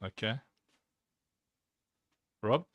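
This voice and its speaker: A man hosting a livestream, chatting casually in a rambling, joking way with lots of fillers. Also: drawn-out words. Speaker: livestream host.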